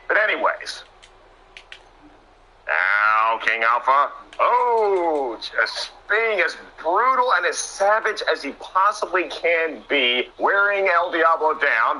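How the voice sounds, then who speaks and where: A young man doing excitable play-by-play commentary on a wrestling match, often breaking into sudden exclamations. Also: medium pitch, low-quality recording.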